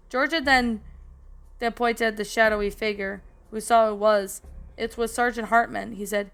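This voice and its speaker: A woman's voice: fairly high pitch, steady tone, moderate pace, fairly bright tone, smooth. A woman reading a fan story aloud in a casual way with a few slips, adding her own comments. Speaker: story narrator and reviewer. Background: background music.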